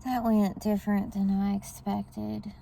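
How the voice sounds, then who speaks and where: A woman's voice: mid-range voice, flat delivery, unhurried, gravelly, dark tone, a little hiss or hum. A woman, chatting casually to her viewers in a vlog. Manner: chatty, talks straight to viewers. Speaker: vlogger.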